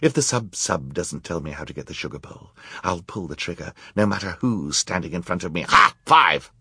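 Guy putting on a snarly villain count, menacing, swings up and down a lot, husky and dry. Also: low voice, expressive, moderate pace, sharp tone, no room sound, full character voice.

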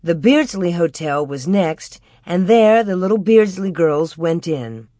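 Audiobook narrator, measured expressive reading, mid pitch, dead dry close sound. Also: no room sound. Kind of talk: scripted storybook narration.

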